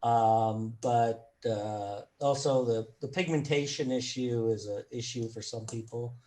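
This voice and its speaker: Relaxed man telling stories. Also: mid-range voice, a little slow. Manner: relaxed, storytelling, laughs often. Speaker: podcast host. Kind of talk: casual interview chat.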